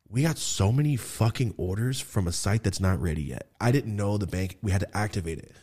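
A young man hosting a podcast, chatting casually and telling animated stories with quick jumps into high mimicking voices. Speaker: podcast host.

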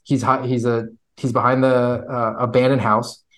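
A man who used to be a police officer, co-hosting a podcast and telling a story in relaxed, rambling casual chat. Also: medium pitch, moderate pace, low-quality recording.

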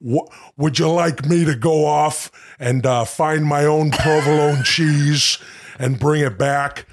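A man doing an impression of a gruff, blustering older tough guy, ranting with indignant mock-patriotic bluster in an improvised comedy bit. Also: fairly high pitch, fairly even intonation, slow, heavily acted. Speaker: comedy podcast host.

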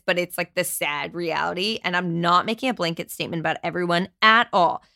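A woman's voice: on the low side, pushed and bright, no room sound, clean studio sound. A young adult woman hosting a solo podcast, talking candidly and emphatically, swearing now and then. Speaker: podcast host.

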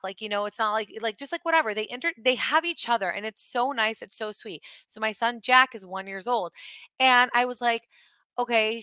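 A woman in her thirties with a bright, slightly high voice tells a family story in loose, filler-heavy chat. She sounds close to the mic in a dry space. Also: clean tone, no room sound. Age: 30s. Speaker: podcast co-host.

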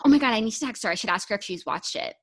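A woman's voice: fairly high pitch, animated, very fast, husky. A woman co-hosting a podcast in casual, upbeat chat, often saying "like". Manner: chatty and upbeat, uses "like" often. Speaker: podcast co-host.

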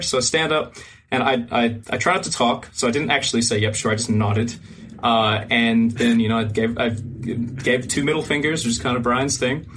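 A man with an average-pitched, somewhat husky voice tells a story on a podcast. He acts out every character in it and swears freely. It is loose, casual talk straight into a podcast microphone. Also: a bit bright. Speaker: podcast guest.

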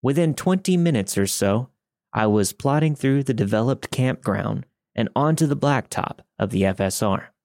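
A man's voice: medium pitch, expressive, normal speed, creaky, darkish tone, dry recording, studio quality. A man narrating a first-person story in a wry, conversational way.

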